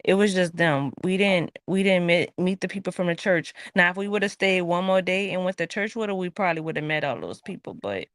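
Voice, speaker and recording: A woman's voice: fairly low pitch, fairly quick, few pauses, dry recording, studio quality. A woman, co-hosting a casual late-night chat and acting out the people she quotes as she tells a story. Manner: animated storyteller, acts out quotes. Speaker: podcast co-host.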